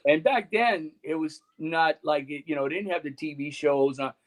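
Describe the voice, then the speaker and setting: A man's voice: a little high, moderate pace. A man telling stories as a guest in a casual interview, rambling and filling his talk with "you know" and "man". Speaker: guest musician and radio host.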